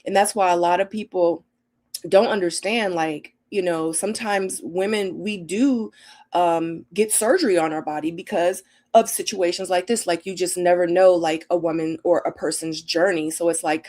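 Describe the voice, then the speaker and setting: Animated middle-aged woman hosting a live chat. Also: fairly low pitch, moderate pace. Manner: animated and emotional, acts out her own quotes with laughter. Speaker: livestream host. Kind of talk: casual live Q&A chat reading comments.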